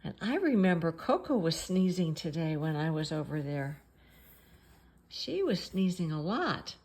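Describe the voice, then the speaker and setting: A woman reading a children's picture book aloud, playful and expressive, acting out the characters' sneezes. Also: deep voice, measured pace. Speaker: storybook reader.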